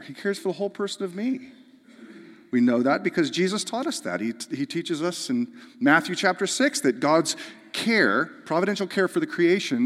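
A man preaching a sermon, building to emphatic, fervent peaks and dropping back to soft, earnest explanation. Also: on the high side. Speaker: pastor. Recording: long hall reverb.

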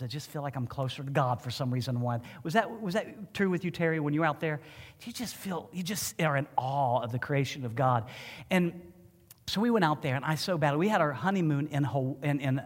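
A man preaching a sermon as pastor, telling a personal story in an emotional, animated way. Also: mid-range voice, big-room sound. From Ohio. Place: church.

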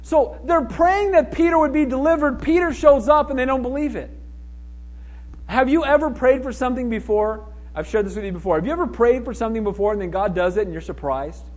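A man preaching a sermon as pastor, animated and acting out the voices of people in the story. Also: very high-pitched, fairly quick.

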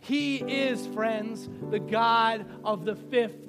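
A man with a very high voice delivers a sermon. He moves between storytelling and urgent appeals to the listeners. Soft music plays faintly behind him. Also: steady tone, takes it slowly, gravelly. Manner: storytelling with acted quotes, rising to urgent appeals. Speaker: preacher.

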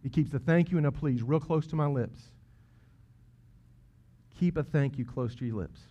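A man preaching a sermon, earnest and emphatic, swinging between loud peaks and hushed asides. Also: on the high side, moderate pace. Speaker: pastor. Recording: dull lo-fi sound.

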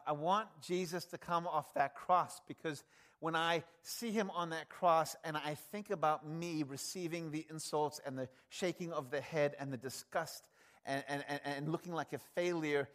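High-voiced emphatic male preacher. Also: steady tone, moderate pace. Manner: emphatic, conversational, swings from loud to hushed. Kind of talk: sermon.

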